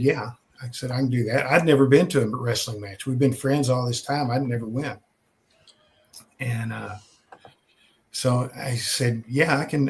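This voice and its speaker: An older man from Texas, telling stories in a casual way with many pauses and restarts. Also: medium pitch. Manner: conversational, many "uh" and repeated starts. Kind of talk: casual storytelling.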